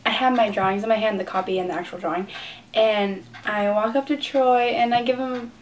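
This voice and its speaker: A woman's voice: a little high, fairly even intonation, fairly quick, far from the mic. A teenage girl vlogger gushes through a long storytime, her words tumbling out with constant "like" fillers. She sits a little back from the mic, and a faint hiss of room noise runs under her voice. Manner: gushing, rambling, many "like" fillers. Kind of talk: excited storytime vlog.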